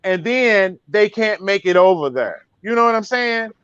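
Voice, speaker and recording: A man's voice: sits high, expressive, normal speed, a bit bright, clear, resonant tone, no echo. A man co-hosting a talk show who speaks to his listeners directly, in a preachy way. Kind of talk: casual talk show discussion. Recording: dry, dull sound.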